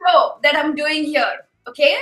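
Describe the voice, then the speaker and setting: Podcast guest: young woman with an Indian accent, native Marathi, easygoing casual chat, sharp voice. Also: sits high, unhurried. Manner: laughing, easygoing.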